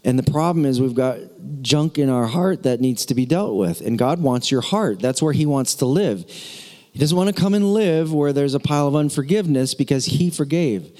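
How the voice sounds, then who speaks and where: With a mellow, mid-range voice, lively intonation, and a moderate pace, a pastor jokes his way through a sermon, making playful asides to his congregation. The recording carries the long hall reverb of the church sanctuary.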